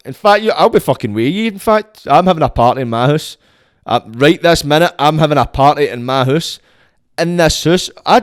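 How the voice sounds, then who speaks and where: A Scottish man hosting his own podcast in a crude, rambling comic monologue, full of swearing and sudden jumps between loud bursts and low mutters. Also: no echo, clean studio sound. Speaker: podcast host.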